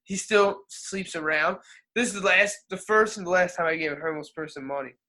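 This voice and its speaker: A young man telling funny stories in casual podcast chat, slangy and profane, acting out the people he quotes in lively voices. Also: high-pitched, fairly quick. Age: young adult. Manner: laid-back slangy talk, profane. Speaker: podcast co-host.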